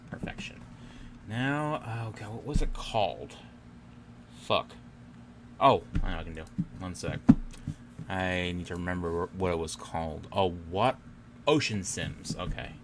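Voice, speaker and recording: A man's voice: sits low, noisy background. A man streaming live as he works at his computer, chatting casually, muttering to himself and swearing often.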